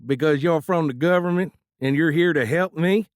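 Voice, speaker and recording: A jittery young fighter pilot with a thick Appalachian drawl, his voice pitched high and pushed loud, as a male narrator puts him on. He jokes in a tight, nervous way, and the read is close and dry. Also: normal speed, no room sound, natural voice. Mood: hillbilly teasing.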